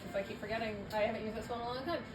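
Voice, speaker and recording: A woman playing in a tabletop game, talking excitedly and cheering her rolls. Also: a little high, echoey room, recorded from a distance, over loud music, low-quality recording. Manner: excitable, quick bursts of cheering. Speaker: player. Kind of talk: casual tabletop play.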